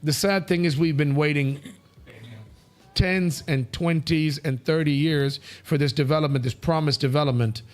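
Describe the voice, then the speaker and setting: A male talk show host from India reads viewer comments live, blunt and brash, quick to joke and swear. His voice sits a little high for a man. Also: steady tone, soft background music. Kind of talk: casual live show chat. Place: studio.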